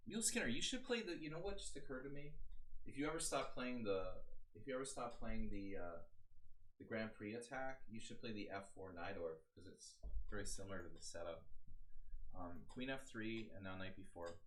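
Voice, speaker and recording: A man's voice: on the low side, moderate pace, low-quality recording. A man coaching chess on a live stream, chatty and joking as he thinks aloud through the moves. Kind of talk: live-stream game analysis.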